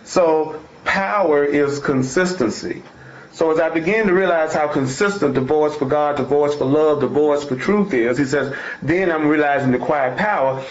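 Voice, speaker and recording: A man's voice: fairly high pitch, moderate pace. A man giving an informal spiritual talk, reading from a text and explaining it with emphatic repetition and folksy phrasing. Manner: emphatic and repetitive, restating each point. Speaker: spiritual teacher. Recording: echoey room, dull lo-fi sound.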